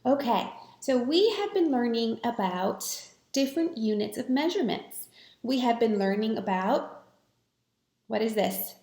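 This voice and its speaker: A woman teacher walks her students through a math lesson at a slow, patient pace, her voice sitting a little high. She sounds encouraging and clear. The recording has a noticeable echo from the room. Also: expressive, darkish tone. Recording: echoey room.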